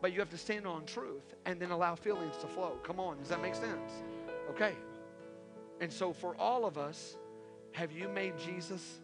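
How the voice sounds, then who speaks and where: A male pastor preaching a sermon, repeating his calls and swinging from hushed pleas to loud exhortations. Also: sits high, measured pace, long pauses. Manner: impassioned, repetitive exhortations, swings from hushed to shouting. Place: church sanctuary. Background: soft worship music.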